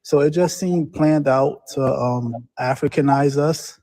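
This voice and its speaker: A man's voice: mid-range voice, a little slow, mellow. Rambling man calling in to a show. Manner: rambling, many fillers like 'like' and 'um'. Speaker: caller. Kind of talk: casual phone-in chat.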